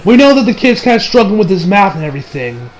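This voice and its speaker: Talking fast in a high, sing-song voice, this young adult from the United States runs through an anime episode. He's casual and profane, rambling with plenty of fillers and restarts, over a rough recording.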